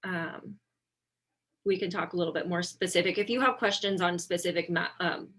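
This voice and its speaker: A woman occupational therapist giving an informal webinar lesson over slides, relaxed and conversational with frequent ums and self-corrections. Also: fairly low pitch, moderate pace.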